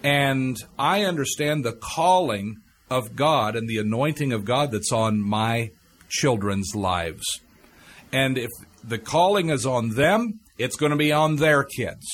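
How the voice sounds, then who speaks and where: Man, Texan accent, husky voice, earnest, measured talk-show host. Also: medium pitch, animated, fairly bright tone. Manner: earnest, measured, repeats phrases. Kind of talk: reflective talk-show chat.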